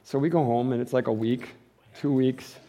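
A man's voice: medium pitch, fairly even intonation, normal speed, mellow. A middle-aged man, a pastor, giving a conversational sermon, acting out quoted voices and chuckling often.

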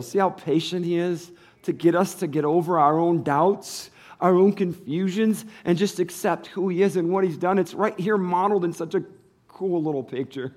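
A man preaching a sermon, retelling the passage like a story and acting out what the people said. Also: normal speed. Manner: swings from low and quiet to loud and high. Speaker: pastor.

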